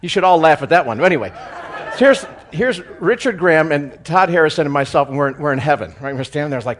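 A man speaking as a guest church speaker, telling a humorous story in a sermon with animated, chuckling delivery. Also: on the high side, fast.

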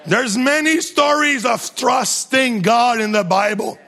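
A high, bright-toned male preacher delivering an energetic sermon. He speaks deliberately, calls out to the congregation and laughs often. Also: gravelly.

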